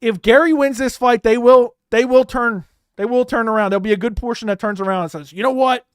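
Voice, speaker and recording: A young man with a high voice hosts a live fight watch-along. He talks in a loose, animated way, curses freely and keeps repeating lines. The sound is dry and close to the mic. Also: a little fast, clear, resonant tone, no room sound. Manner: animated, swearing, repeats himself, bursts into loud outbursts. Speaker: host reacting to a live fight.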